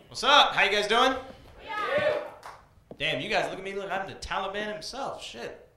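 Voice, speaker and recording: A man from Iran performing stand-up comedy on a small club stage, with an energetic, punchy delivery. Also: high-pitched, moderate pace, noisy background. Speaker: comedian and open mic host. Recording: echoey club room.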